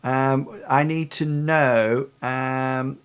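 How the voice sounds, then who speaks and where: A man serves as game master, walking his players through a fight one turn at a time. He talks in a halting way, full of fillers, at an average pitch. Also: fairly even intonation, clean tone. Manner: hesitant, many ums while explaining rules. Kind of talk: narrating a tabletop game.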